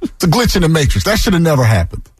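A man's voice: on the high side, very animated, fast, breathy edge, dry recording. A man co-hosting a sports talk radio show, wry and emphatic. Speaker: radio co-host.

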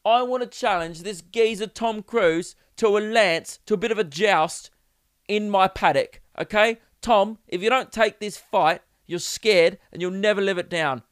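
A man's voice: high-pitched, measured pace, smooth, no echo, studio quality, voice pushed up. A man putting on a British accent to play a brash bloke who taunts someone into a joust. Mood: taunting. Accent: British put-on. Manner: loud taunting goading.

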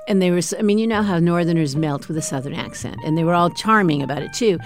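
A woman with a lowish voice remembers her time as a campaign intern. She speaks fondly and evenly. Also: fast, soft background music. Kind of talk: interview recollection.

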